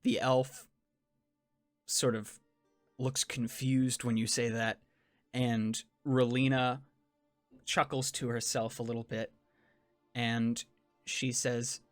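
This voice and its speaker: Male dungeon master, unhurried narration, dry close mic, faint music under. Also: medium pitch, level tone, no echo. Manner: slow, descriptive. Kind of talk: narrating a tabletop game.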